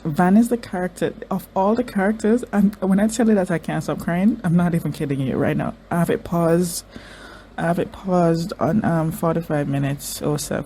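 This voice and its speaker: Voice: medium pitch, a little mellow, slight background noise. A show reaction vlogger in casual commentary, crying through it and talking emotionally, with stammers and restarted sentences.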